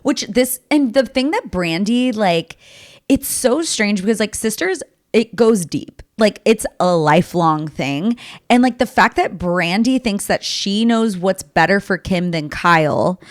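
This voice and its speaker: A young woman with a mid-pitched voice co-hosting a casual podcast. She gives her opinions emphatically, agrees readily and fills her talk with "like". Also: expressive, measured pace. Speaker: podcast co-host. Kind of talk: casual chat recapping reality TV.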